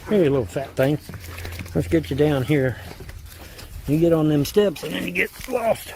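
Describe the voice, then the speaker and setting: A man's voice: fairly high pitch, lively intonation, normal speed, gravelly, very noisy. A man filming outdoors in the rain on a phone, rambling and cooing baby talk at his dogs. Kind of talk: casual handheld video narration.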